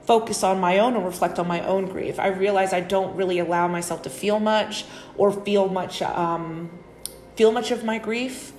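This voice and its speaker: Rambling, earnest woman podcaster, soft ambience. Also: mid-range voice, a little hiss or hum. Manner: casual, rambling, many fillers like "like" and "you know"; addresses listeners as y'all. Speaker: podcast host, psychic reader. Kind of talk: reflective spiritual monologue.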